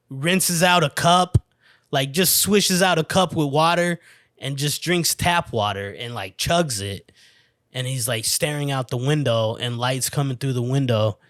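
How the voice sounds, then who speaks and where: A man's voice: fairly high pitch, no room sound, clean studio sound. A man hosting his own podcast, rambling casually and swearing freely while a little tipsy from wine. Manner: rambling, profane, laid-back. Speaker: podcast host. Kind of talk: casual solo podcast rant.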